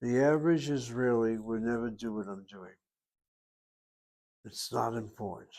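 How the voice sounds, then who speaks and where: A man teaching a language lesson, patiently explaining and repeating words slowly so learners catch the pronunciation. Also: mid-range voice, fairly even intonation, vocal fry, a little mellow. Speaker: Hebrew teacher.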